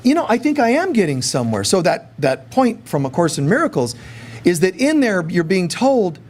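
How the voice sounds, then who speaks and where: A male spiritual teacher speaking in a high, lively voice that swoops up and down. He keeps things casual and conversational, now and then slipping into acted-out prayers as he teaches. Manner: animated, acts out quoted prayers.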